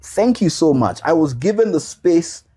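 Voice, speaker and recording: Male podcast guest, husky and animated in pitch, earnest and personal. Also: normal speed. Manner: heartfelt, repeats key phrases for emphasis; casual slang mixed with earnest reflection. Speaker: podcast guest, single father. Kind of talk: personal storytelling in a podcast interview.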